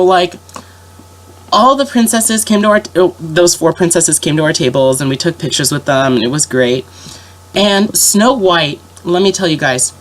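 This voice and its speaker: Rambling young woman with a sick voice. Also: low voice. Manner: rambling, lots of fillers and self-corrections. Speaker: vlogger. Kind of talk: casual storytelling chat.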